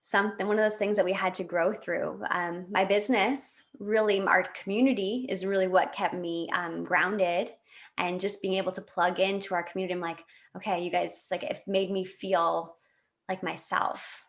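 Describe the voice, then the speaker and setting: Guesting on a podcast, this late-thirties Canadian woman has a mid-range voice at a normal pace. Her personal story comes out animated and emotional in a casual interview, with many fillers and false starts.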